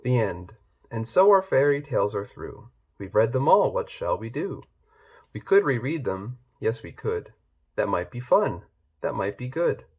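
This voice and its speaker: A man's voice: mid-range voice, very animated, darkish tone, husky, lo-fi sound. A man reading a rhyming children's picture book aloud. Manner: slow, rhyming storybook reading. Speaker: reader.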